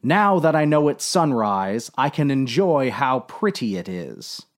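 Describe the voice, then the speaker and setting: A man's voice: mid-range voice, very animated, unhurried. A man playing a grave submarine captain. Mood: solemn. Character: solemn middle-aged male submarine captain.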